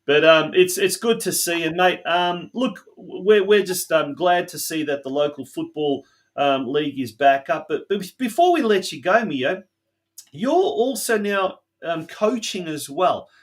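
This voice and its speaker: A man's voice: on the high side, expressive, unhurried. A middle-aged Australian man hosting a local soccer podcast, chatting casually with a guest, with plenty of fillers and restarts. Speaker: podcast host. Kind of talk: casual interview chat.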